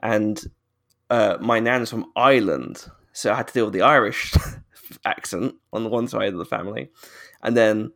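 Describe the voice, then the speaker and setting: A man's voice: fairly low pitch, normal speed, gravelly, fairly bright tone. Wry British man, joking. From Britain. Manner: wry, joking, laughs while talking. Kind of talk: casual chat.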